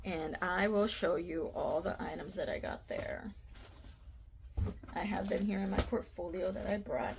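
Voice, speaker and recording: A woman's voice: on the low side, a little slow, gravelly, background noise. Woman from the US, casual to-camera vlog, giggly and full of fillers. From United States. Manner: chatty, giggly, lots of fillers. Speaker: cross-stitch vlogger.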